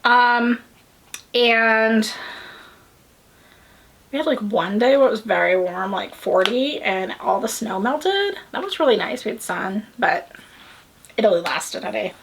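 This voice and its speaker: A woman's voice: fairly high pitch, expressive, measured pace, vocal fry, long pauses, fairly bright tone, a little hiss or hum. An American woman hosting a podcast in a loose, rambling, upbeat chat with the odd swear word. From United States. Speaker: podcast host. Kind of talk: casual chat.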